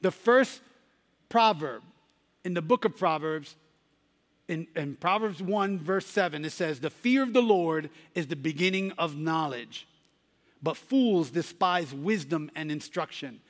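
A man's voice: fairly high pitch, lively intonation, a little slow, long reverb tail. A man preaching a sermon, telling a story and rising to emphatic Bible readings.

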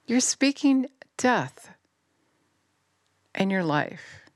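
A woman's voice: very animated, extremely slow, dry recording. Middle-aged woman preaching hard, scolding and fired up, close mic with a dead dry sound. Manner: fervent, scolding, rising to near-shouts then dropping low. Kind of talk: impassioned sermon.

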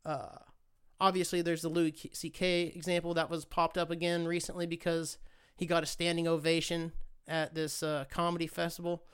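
Young male podcast host with a smooth, resonant voice; casual, profane rambler. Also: on the high side, monotone, moderate pace, a bit bright. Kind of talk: casual solo podcast rant.

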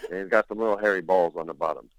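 A man with a low voice, recorded dry and close, telling a casual story as a guest. He rambles in an animated way and breaks into laughter mid-sentence. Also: very fast, no room sound, low-quality recording.

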